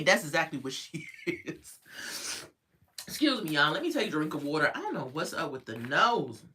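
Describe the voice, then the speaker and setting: A woman reviewing a reality show in casual, sassy commentary, acting out what people said. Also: medium pitch. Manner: animated, sassy, acts out quotes.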